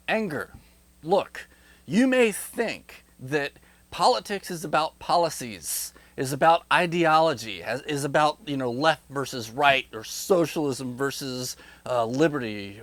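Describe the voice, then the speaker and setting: Man, political monologue, rhetorical, animated, highish voice, dry close sound. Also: no room sound. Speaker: political commentator. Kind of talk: direct-to-camera political monologue.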